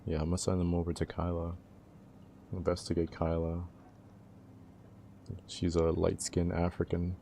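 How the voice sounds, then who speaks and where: A man's voice: low voice, completely flat delivery, moderate pace, gravelly, long pauses, mellow, a little hiss or hum. A young man livestreaming, joking and teasing his viewers in laid-back, casual chat, often laughing.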